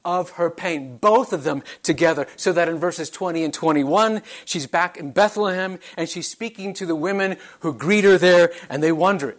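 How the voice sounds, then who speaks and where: Earnest male preacher, slightly high voice. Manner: earnest, measured, rhetorical questions. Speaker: pastor. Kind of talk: sermon.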